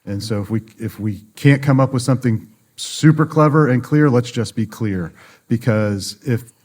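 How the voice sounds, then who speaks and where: A man's voice: mid-range voice, moderate pace, a little mellow. A man guesting on a podcast, explaining publishing in a conversational way and acting out the people in his stories. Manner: storytelling, acts out quoted dialogue. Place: conference venue.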